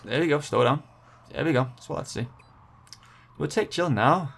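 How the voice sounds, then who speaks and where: An excitable young gaming channel host narrates his gameplay live, pleading with rivals, groaning at setbacks and cheering on his riders, all casual and unscripted. His voice sits on the high side at a moderate pace, slightly rough with vocal fry and long pauses.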